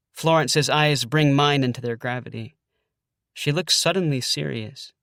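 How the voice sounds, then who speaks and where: A man's voice: medium pitch, unhurried, creaky, fairly bright tone, no echo, studio quality. A man narrating an audiobook in the first person, in a wry, conversational way.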